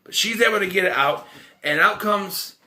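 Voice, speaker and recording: A film reviewer speaks in a high, bright, forceful voice at normal speed. His casual spoken review rambles through the plot, with self-corrections and wry asides along the way.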